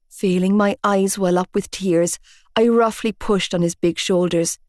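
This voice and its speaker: A woman's voice: medium pitch, fairly even intonation, measured pace, darkish tone, no echo, clean studio sound. A woman narrating a first-person audiobook in an emotive, heated reading.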